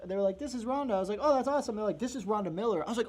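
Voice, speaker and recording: A man's voice: sits high, animated, racing, a little mellow. An American man co-hosting a live giveaway stream, hyped and jokey, calling people bro and reading out product specs. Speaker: co-host showing products. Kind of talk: casual live-stream chat.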